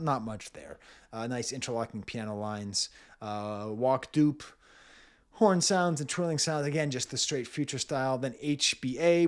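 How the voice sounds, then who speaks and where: Chatty man reviewing an album. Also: mid-range voice. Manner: thinking aloud, frequent uh and restarts, chuckling asides. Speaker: music reviewer.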